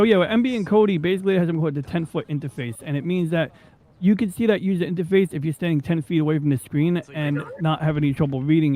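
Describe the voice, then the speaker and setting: New guy hosting a chill podcast, rambles off topic, swears a lot, voice sits a bit high. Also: dark tone, poor audio. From New York. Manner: rambling, digressive, swears freely, many fillers. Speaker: podcast host. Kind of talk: casual rambling chat.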